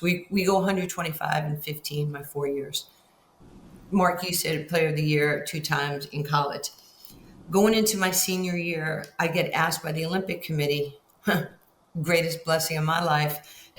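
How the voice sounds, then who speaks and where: Brief: lower-voiced older woman from New York, lively guest storyteller who acts out quotes, roomy echo, faint background hum. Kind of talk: storytelling interview.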